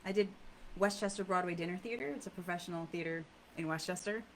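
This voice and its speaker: A woman singer chatting as a podcast guest, easygoing and quick to laugh. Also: on the low side, poor audio. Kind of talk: casual chat. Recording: faint background noise.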